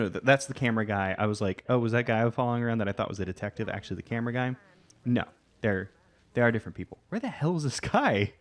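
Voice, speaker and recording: A man hosting a let's play, giving casual gameplay commentary and thinking aloud in a rambling way full of fillers. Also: fairly low pitch.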